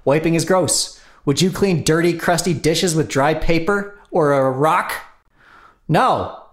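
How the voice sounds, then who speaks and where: A podcast co-host hams up a sponsor read with playful comic timing. His pitch jumps around for the jokes, and his delivery stays loose and conversational. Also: measured pace. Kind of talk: comedic ad read in casual chat.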